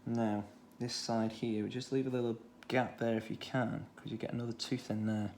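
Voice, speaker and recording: A man with a Stoke-on-Trent accent, talking through a children's drawing tutorial in a relaxed way, thinking aloud as he draws. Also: medium pitch, moderate pace, slight background noise. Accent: Stoke-on-Trent English. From England. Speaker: art tutor.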